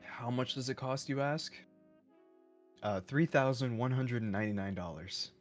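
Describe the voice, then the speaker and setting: A man's voice: medium pitch, a little slow, soft background music. Chatty man on a livestream. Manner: rambling, laughs often, jumps into silly voices. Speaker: streamer co-host. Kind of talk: casual stream chat.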